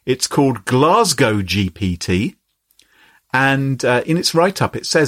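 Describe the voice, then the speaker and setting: A man hosting a podcast, chatting in a lively, playful way. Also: mid-range voice, unhurried. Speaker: podcast host. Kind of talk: casual chat.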